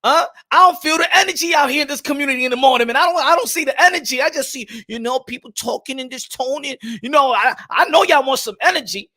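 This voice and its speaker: A young man hosting a lively live-streamed boxing morning show, hyped and shouty, with street slang and Spanish phrases. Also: very high voice, fast, hardly any pauses.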